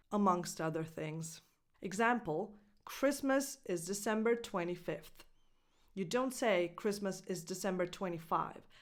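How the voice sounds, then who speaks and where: A woman whose first language is Italian, teaching English pronunciation as a coach and clearly modeling each word. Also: medium pitch. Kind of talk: pronunciation lesson.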